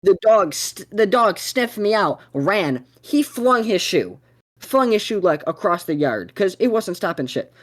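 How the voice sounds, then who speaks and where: A young man hosting a podcast, telling a story in a profane, excitable way. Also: sits high, measured pace. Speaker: podcast host.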